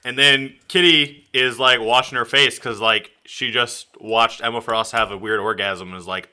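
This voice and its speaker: A man's voice: medium pitch, fairly even intonation, moderate pace, hardly any pauses, sharp tone, clean tone. A man co-hosting a podcast, recapping a comic in rambling casual chat.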